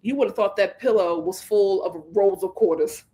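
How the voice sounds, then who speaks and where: A young adult woman hosting a reality TV recap, talking in an animated, sarcastic way and mocking the people she discusses. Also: mid-range voice, normal speed. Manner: animated, sarcastic, mocking impressions, breaks into laughter. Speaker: commentary channel host.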